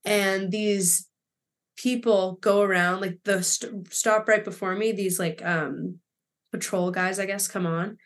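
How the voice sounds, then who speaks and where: A young woman co-hosting a podcast, telling a story in casual chat with an animated, laughing, swearing delivery. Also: mid-range voice, slow pace. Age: young adult. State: emotional. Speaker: podcast co-host.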